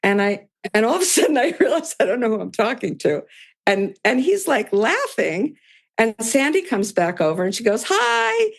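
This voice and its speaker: A woman's voice: a little high, big pitch swings, normal speed. An older woman, a podcast guest, telling a story in casual conversation and voicing both sides of past dialogue with small laughs.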